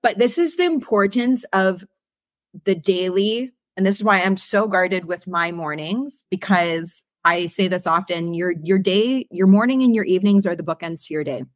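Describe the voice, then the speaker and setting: A woman from the Greater Toronto Area in Canada hosts a podcast, conducting a casual conversational interview. Her medium-pitched voice moves at a moderate pace, recorded dry with clean studio sound, and she speaks emphatically and motivationally, swearing casually.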